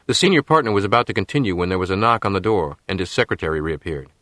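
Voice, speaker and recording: Brief: deep male narrator, very dry close studio sound, measured reading. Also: animated, sharp tone, no echo. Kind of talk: audiobook narration.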